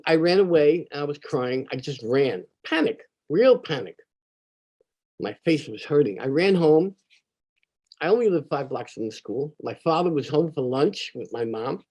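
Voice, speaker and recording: An older man telling a personal childhood story in an animated, conversational way. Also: a little high. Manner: animated, conversational, acts out quoted voices.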